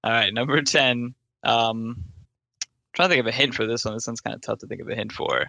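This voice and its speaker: A man's voice: mid-range voice, a little fast, creaky, sharp tone, no room sound. A man co-hosting a casual podcast, patiently explaining the clues of a game. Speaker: podcast co-host running a game.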